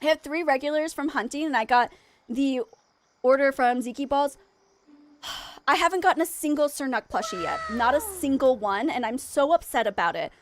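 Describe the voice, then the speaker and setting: A young adult woman streaming a game live, bubbly and excitable, chatting with viewers and laughing often. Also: sits high, normal speed, a little hiss or hum. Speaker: variety streamer.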